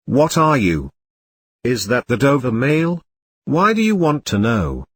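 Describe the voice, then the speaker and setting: A man's voice: mid-range voice, huge pitch swings, unhurried, slightly rough, dry recording, heavily acted. A man voicing a wary, stern coach guard who barks commands at a stranger. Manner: barking, commanding shouts.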